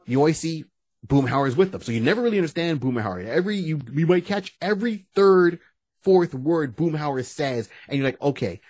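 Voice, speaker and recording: Animated man with a husky voice. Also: fairly high pitch, a little fast, no echo. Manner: animated, acts out quotes. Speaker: podcast co-host. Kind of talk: casual chat.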